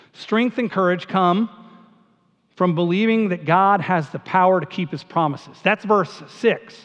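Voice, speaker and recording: A man preaching a sermon to his congregation, conversational and emphatic, often repeating himself. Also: on the high side. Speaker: pastor. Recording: dull sound, long hall reverb.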